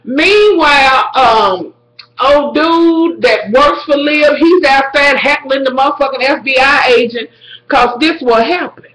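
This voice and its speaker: A woman talks straight to her viewers in a casual video recapping a TV drama episode, animated and swearing throughout. Her voice sits high and sounds bright and a little sharp, and she takes her time. The room around her is echoey.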